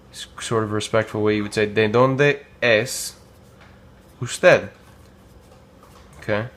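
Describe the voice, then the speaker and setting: A man teaching a casual language lesson, modelling phrases slowly with many pauses and filler words. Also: fairly low pitch, fairly bright tone. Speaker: Spanish teacher.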